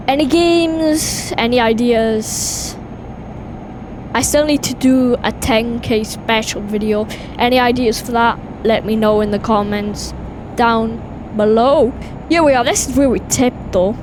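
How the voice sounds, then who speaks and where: High-voiced Welsh woman, chatty gamer. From Wales. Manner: chatty, excitable, talks to viewers. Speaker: gaming video host. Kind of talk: casual gameplay commentary. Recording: game engine noise behind voice. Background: truck and vehicle sounds from game.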